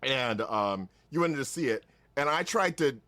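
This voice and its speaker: A man's voice: medium pitch, lively intonation, normal speed, pushed and bright, dry recording. A man hosting a casual podcast, rambling with lots of restarts and laughing often. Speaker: podcast host.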